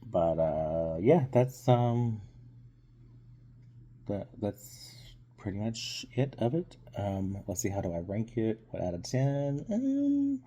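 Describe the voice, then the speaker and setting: A man with a very dark, low voice talks through his movie review in an unhurried, halting way, filling pauses with ums. His voice sounds husky. He is still recovering from being sick. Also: big pitch swings. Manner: hesitant, full of ums and trailing thoughts. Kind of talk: casual review vlog.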